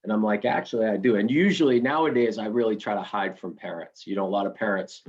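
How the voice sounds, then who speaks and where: A middle-aged man, a college baseball head coach, telling stories in a relaxed interview, with frequent restarts and "right?" tag questions. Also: fairly low pitch, fast, breathy edge, muffled recording. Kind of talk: conversational interview storytelling.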